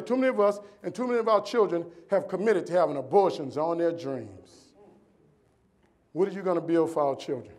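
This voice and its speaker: New guy in his 40s, high voice, preachy rhythmic speech that goes loud then hushed. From New Orleans, US. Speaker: keynote speaker. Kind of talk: motivational speech. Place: on stage at a convention.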